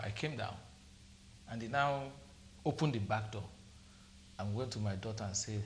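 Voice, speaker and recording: A middle-aged man with a Nigerian accent, a TV studio guest who talks in a measured way and tells a long story with quoted dialogue. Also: medium pitch, a little hiss or hum. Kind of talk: TV panel discussion.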